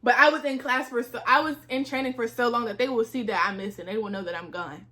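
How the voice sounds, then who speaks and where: A young woman chats through a long personal story with a high, bright, lively voice. She repeats phrases for emphasis and slips into other people's voices as she acts out the scene. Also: quick pace. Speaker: vlogger, flight attendant. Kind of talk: casual storytelling.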